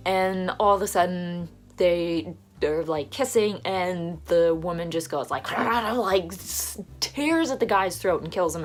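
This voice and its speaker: A young woman casually retelling and reviewing a film, gushing and full of fillers. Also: fairly low pitch.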